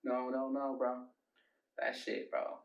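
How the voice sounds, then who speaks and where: A man's voice: mid-range voice, monotone, slow, far from the mic, muffled recording. A young man, a rapper, telling a long wild story in a casual interview, rambling and cursing with plenty of "like" and "bro". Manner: profane, rambling storyteller, bro-talk fillers. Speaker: rapper and producer guest. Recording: roomy, mic set back.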